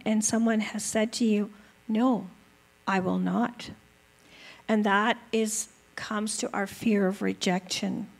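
Slow, gravelly-voiced woman teaching gently. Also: medium pitch, poor audio. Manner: gentle, earnest, unhurried with fillers. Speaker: speaker teaching about apologies. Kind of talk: slow reflective talk with a read-aloud excerpt.

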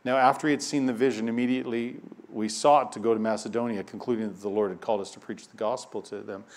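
A man preaching a sermon. He reads scripture aloud and repeats key phrases, moving between quiet passages and loud, emphatic ones. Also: on the low side, steady tone, fast talker. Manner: dynamic preaching, swinging from hushed to loud and emphatic.

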